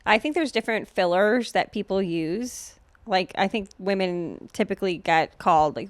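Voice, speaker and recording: A woman's voice: mid-range voice, moderate pace, no room sound. A woman hosting a podcast in a casual chat, sarcastic and profane, with lots of filler words. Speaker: podcast host.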